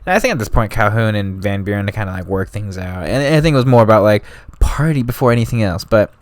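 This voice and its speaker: A man's voice: on the low side, animated, fast, no echo. A man hosting a history podcast, telling it in loose, slangy, casual talk full of asides. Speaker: podcast host.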